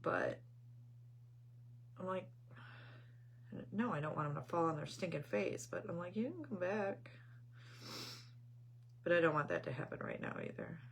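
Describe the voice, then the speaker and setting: A woman's voice: sits low, very animated, normal speed, creaky, pauses often, a little hiss or hum. A middle-aged woman hosting a craft channel, chatting casually on a live stream and telling rambling family stories. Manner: greets viewers mid-story.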